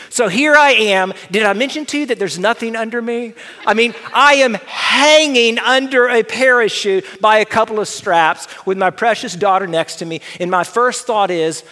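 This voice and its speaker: A middle-aged man telling a personal story to an audience, animated and self-deprecating. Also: high voice, moderate pace. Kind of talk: storytelling talk with slides. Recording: long hall reverb.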